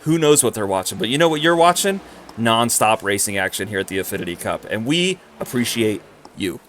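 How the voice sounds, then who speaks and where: A man giving live commentary on a sim racing broadcast, excitable and quick to exclaim at close racing. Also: on the low side, a little hiss or hum.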